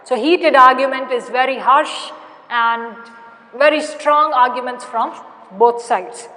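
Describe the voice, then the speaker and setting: A woman with an Indian English accent teaching an English lesson, explaining patiently and repeating key points with many pauses. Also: high-pitched, sharp tone, long reverb tail. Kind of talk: recorded classroom lesson.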